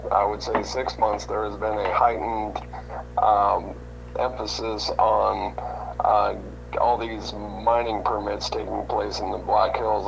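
A man's voice: on the low side, gravelly. A man calling in to a talk radio show, speaking hesitantly with many fillers. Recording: muffled line with steady noise.

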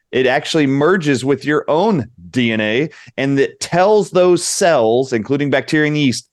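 A man's voice: mid-range voice, dry recording, studio quality. A man speaking as a doctor guest in an interview, insistent and lecturing. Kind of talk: interview talk.

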